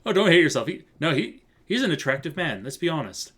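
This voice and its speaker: A man's voice: fairly high pitch, big pitch swings, a little fast, fairly bright tone, breathy edge. A man streaming live, chatting casually through gameplay in a rambling, easygoing way. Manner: casual, rambling, laughs easily.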